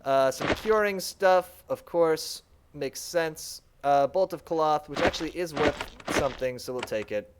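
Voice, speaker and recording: A man streaming a game, chatting casually and thinking out loud as he plays. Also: a little high, unhurried, heavy background noise. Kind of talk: let's play commentary.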